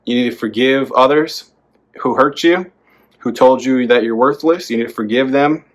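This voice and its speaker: Blunt, profane motivational man. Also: mid-range voice. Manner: blunt and profane, lively, swings into loud bursts. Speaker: self-help podcast host. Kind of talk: motivational monologue.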